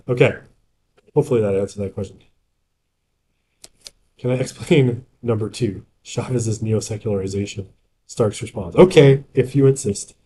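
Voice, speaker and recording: A man's voice: mid-range voice, mellow. A man giving a casual university lecture in a classroom. He keeps checking in with the class by asking "right?" and drifts into joking asides.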